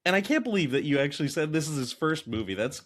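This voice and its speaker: A man co-hosting a casual movie podcast, rambling and animated, dropping into quick acted quotes. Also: a little high. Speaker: podcast co-host.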